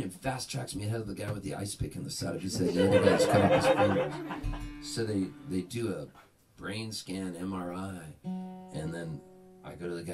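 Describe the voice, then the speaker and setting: Between songs at a private house concert, a low-voiced singer-songwriter entertains a small crowd with comic stories, doing animated voices for the characters. He speaks at normal speed, recorded from a distance with music in the background.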